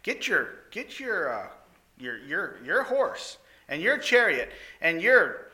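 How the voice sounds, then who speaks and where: A man's voice: on the high side, very animated, slow, pushed and bright, exaggerated voice. A man voicing a vain, scheming royal official who talks smugly and stumbles over his words. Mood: pompous. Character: vain scheming male royal official, smug and self-important.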